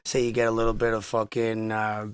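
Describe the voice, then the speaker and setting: A man who is high, a rapper guest in a casual podcast chat, talking in laid-back slang. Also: monotone, a little fast, smooth, no room sound. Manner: laid-back slangy talk, lots of "you know what I mean".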